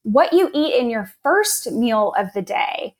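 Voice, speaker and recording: A woman naturopath as an interview guest, explaining health topics in a steady, informative way. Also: fairly high pitch, measured pace.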